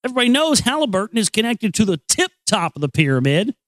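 A man's voice: sits high, big pitch swings, fast, fairly bright tone, no room sound. A man hosting a show, ranting bluntly and sarcastically about the news with plenty of profanity, then reading aloud from a book. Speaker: show host.

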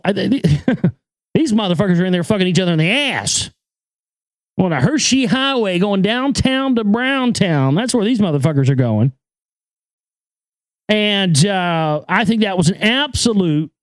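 A man with a fairly high voice talks straight to his listeners in a loose, casual monologue. He leans hard on his points with crude language and stacked repetitions. The recording is dry, with no room sound. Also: a little mellow, no echo. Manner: emphatic, profane, repeats words. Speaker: podcast host and filmmaker.

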